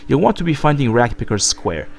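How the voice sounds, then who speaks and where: A man's voice: mid-range voice, brisk, vocal fry, slight background noise. A man reading a wry old barkeep. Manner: read flatly in the performer's own voice, no accent attempted.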